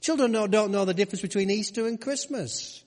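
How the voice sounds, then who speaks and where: A man delivers a sermon in a relaxed, conversational way, tossing rhetorical questions to his listeners. His voice sits a little high for a man. The sound rings with a long hall reverb. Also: a little fast. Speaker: pastor.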